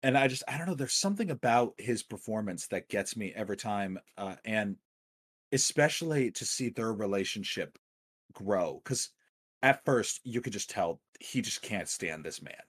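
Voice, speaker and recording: Low-voiced rambling enthusiastic man. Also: expressive, normal speed, fairly bright tone, husky. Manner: enthusiastic, rambling with many fillers. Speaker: podcast co-host. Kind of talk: casual film discussion.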